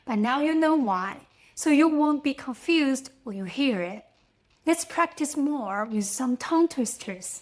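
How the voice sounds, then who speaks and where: Slow, clear Mandarin-native woman teacher. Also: high-pitched, expressive. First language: Mandarin Chinese. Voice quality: small grammar slips in English. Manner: slow, clear, demonstrates each sound twice. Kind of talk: scripted pronunciation lesson.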